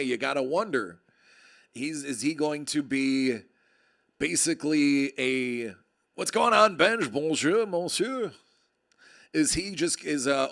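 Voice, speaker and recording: A man's voice: medium pitch, gravelly. A man hosting a card break livestream, chatting casually and joking with viewers in a rambling way. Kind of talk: casual chat.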